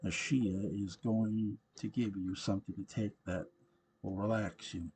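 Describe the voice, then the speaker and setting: A man voicing a grown son gently reassuring his distressed mother. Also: lowish voice, measured pace, slight background noise. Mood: soothing. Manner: calm, reassuring. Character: adult son, soothing and patient.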